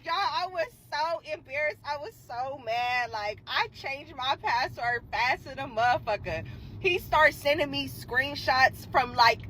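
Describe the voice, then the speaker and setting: A young woman telling a dating story in casual, profane, animated talk, acting out quotes. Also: high-pitched, unhurried, heavy background noise.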